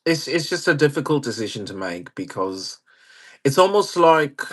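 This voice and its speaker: A man's voice: medium pitch, sing-song, normal speed, a bit bright. A man hosting a livestream in a casual, wry manner, chatting and reacting to viewer comments. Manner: chatty, wry, reads chat aloud and laughs. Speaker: livestream host.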